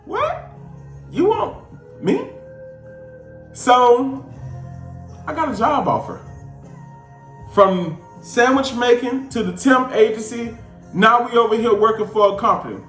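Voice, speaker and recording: A man from Georgia with a Southern accent, casually telling a personal story with lively, slangy delivery and big swings in his voice. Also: very high-pitched, measured pace, long pauses, echoey room, faint music behind. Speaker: show host.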